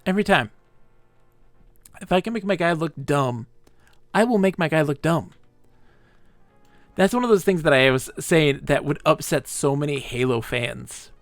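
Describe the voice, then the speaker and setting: A man's voice: fairly high pitch, animated, moderate pace, pauses often, no echo, faint music behind. A man streaming a game live, chatting playfully and reading character lines aloud in put-on voices.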